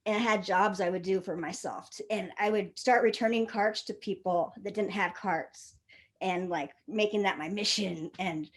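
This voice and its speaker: A woman's voice: mid-range voice, moderate pace. A young woman telling a personal story to an audience, casual and laughing often, with frequent swearing and filler words.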